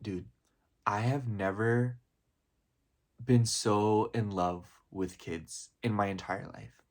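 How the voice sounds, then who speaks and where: Young man, comedic vlog parody, fairly low voice, gushy, rambling, filler-heavy. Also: fairly even intonation, slow pace. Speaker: vlogger.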